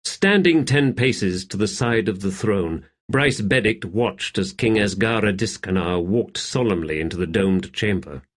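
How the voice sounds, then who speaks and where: Male audiobook narrator, low voice, lively intonation, measured storytelling. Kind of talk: scripted narration.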